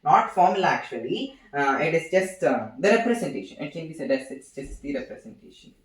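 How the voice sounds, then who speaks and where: A man's voice: a little high, big pitch swings. Young man teaching with echoey distance. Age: young adult. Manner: halting, repeats phrases while writing on a board. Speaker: student giving a physics seminar. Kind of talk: informal physics lesson. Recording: echoey room, voice from off-mic.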